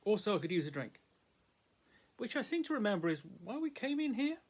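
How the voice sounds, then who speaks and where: A gruff, laconic adventurer from a fantasy tavern story, read by a male narrator. He speaks in plain, dry, matter-of-fact sentences and says no more than he needs to. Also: high voice, sing-song, fairly quick, pitched above the performer's own voice, full character voice.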